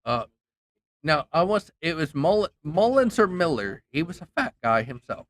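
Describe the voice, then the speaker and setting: A man's voice: a little high, big pitch swings, normal speed, fairly bright tone. A man streaming a game, telling a rambling story in a heated, profane way, with many restarts. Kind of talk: casual ranting story while gaming.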